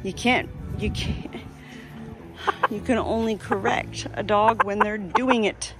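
A woman filming an outdoor farm vlog, shaken and breathless, who switches between sharply scolding her dogs and softly soothing her birds. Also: medium pitch, slow pace, over music. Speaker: farm vlogger.

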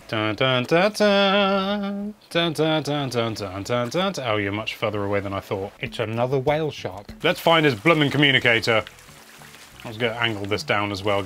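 A man's voice: on the low side, bright, forceful tone, a little hiss or hum. A man giving casual, wry commentary over gameplay, chatting and humming as he plays. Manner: wry, chatty, hums while playing. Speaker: game video presenter.

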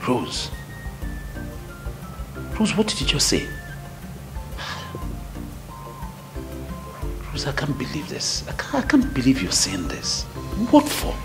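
A man's voice: medium pitch, wildly swooping pitch, a little slow, long pauses, music in the background. A man with a Nigerian accent, playing a husband who reasons earnestly with his wife. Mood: exasperated. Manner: earnest, pleading then exasperated. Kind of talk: Nollywood film acting.

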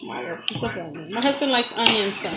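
A woman's voice: mid-range voice, lively intonation, fast, very noisy. A middle-aged woman and mother chatting casually to her viewers while she cooks, teary-eyed from chopping onions. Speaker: vlogger, mother. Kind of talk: casual kitchen vlog chat. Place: home kitchen. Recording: echoey kitchen, loud clatter of dishes.

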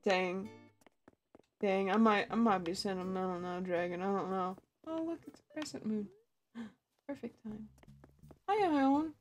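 A woman's voice: mid-range voice, a little slow, pauses often, faint music behind. A woman streamer chatting casually and giggling often as she plays a cozy life-sim game and greets her chat. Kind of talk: casual gaming livestream chat.

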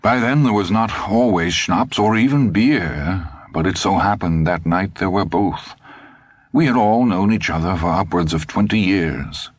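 A man reading an audiobook, voicing an elderly German man who speaks in a formal, measured, gently solemn way. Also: deep voice, no echo. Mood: courtly grave. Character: elderly German man, courtly, guarded, grave.

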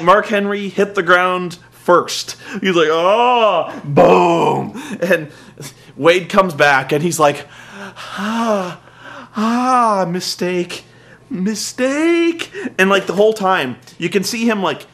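A man casually recapping a wrestling show, rambling and swearing, with quick mimicked asides. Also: high-pitched, pushed and bright. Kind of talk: casual profane comedic recap.

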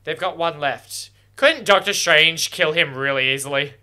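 Excitable man with a bright, forceful voice. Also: on the high side, moderate pace, clear, resonant tone. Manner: excitable, talks at the screen, swears freely. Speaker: reaction video host. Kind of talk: casual first-watch reaction commentary.

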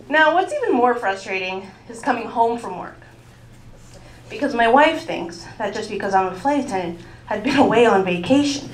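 A woman's voice: on the high side, lively intonation, normal speed. A woman from Mexico performing a stand-up comedy set on a club stage, chatty and teasing the crowd. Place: comedy club stage before a live audience. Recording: echoey club with crowd laughter.

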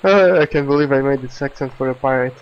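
A man's voice: medium pitch, quick pace, highs cut off, a little hiss or hum. Man chatting over a game. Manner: reads in-game texts aloud, stumbling and laughing at them. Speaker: let's play gamer. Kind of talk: casual gameplay commentary.

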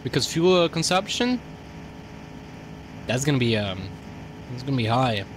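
A male streamer talking loosely through a driving game, thinking aloud and swearing freely. His voice sits at a middling pitch, and a faint noise lies under the audio. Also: big pitch swings, normal speed, pauses often. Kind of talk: casual gameplay commentary.

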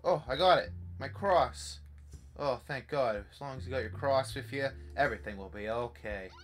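A young man commentating a horror game playthrough, swearing a lot and swinging from hushed muttering to panicked yelps. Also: mid-range voice, normal speed, soft background music. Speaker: gaming YouTuber.

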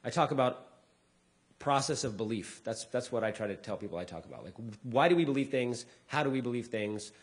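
A man, a comedian, speaking casually to a live audience, acting out people's lines with big pitch jumps and dropping low for asides. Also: expressive, fairly quick. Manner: drops to a quieter, lower voice for asides. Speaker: comedian giving a talk.

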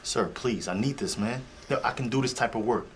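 A man's voice: medium pitch, fairly quick, noisy background, natural voice. An actor playing a wry, talkative streetwise young man in screen scenes. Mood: pleading. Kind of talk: screen acting reel. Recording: music playing underneath.

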